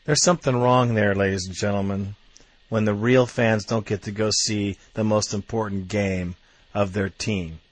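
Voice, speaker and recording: A man ranting as a fan commentator, blunt and quick to swear, working himself up into heated outbursts. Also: fairly low pitch, steady tone, dry recording.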